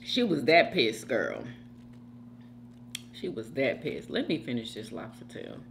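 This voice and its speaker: A woman's voice: extremely low pitch, huge pitch swings, measured pace, vocal fry, a little hiss or hum. A middle-aged woman vlogger chatting casually while she eats, talking straight to her viewers and calling them y'all and girl. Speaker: mukbang vlogger. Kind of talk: casual gossip chat while eating.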